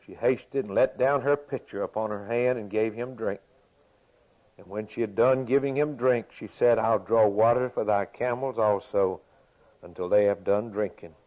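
A man's voice: lowish voice, moderate pace. A man preaching a sermon, reading scripture aloud and explaining it in a folksy way, repeating his phrases for emphasis. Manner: folksy, repeats phrases, chuckles between points. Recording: dull lo-fi recording.

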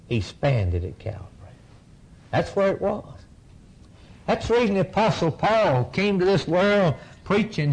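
A man preaching a fiery sermon, repeating phrases in waves and swinging from shouts down to near whispers. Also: fairly high pitch, breathy edge, low-quality recording.

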